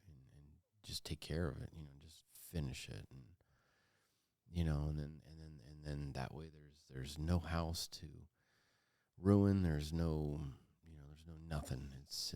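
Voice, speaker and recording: Very deep, gravelly-voiced man telling his story. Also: darkish tone, dry recording, clean studio sound. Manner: halting, many fillers and restarts, earnest. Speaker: podcast co-host. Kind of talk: personal storytelling.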